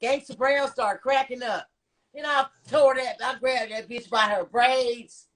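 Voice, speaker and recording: A woman's voice: on the high side, steady tone, a little slow, fairly bright tone. Brash profane woman telling stories. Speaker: podcast guest. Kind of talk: casual storytelling chat.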